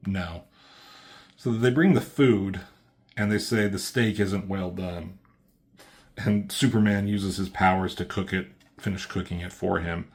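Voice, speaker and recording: A man's voice: low-pitched, steady tone, unhurried. A man casually recapping a comic book as a reviewer, rambling along with lots of fillers and a laid-back delivery.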